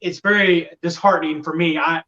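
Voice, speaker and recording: A man's voice: fairly high pitch, steady tone, brisk, sharp tone, distant mic, dull audio. A man talking casually on a sports podcast, venting with exasperation about fickle fans. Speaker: podcast guest, Colts fan.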